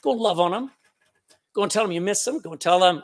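A man from Texas, pastor of his church, delivers an emphatic sermon in the sanctuary with a high, animated voice at a quick pace. He repeats words and calls out to the congregation, speaking with a Texan accent.

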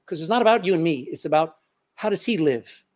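Man preaching with loud-to-hushed swings. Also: on the high side, lively intonation, fast. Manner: rhetorical questions to the congregation. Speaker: pastor. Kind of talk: sermon and closing prayer.

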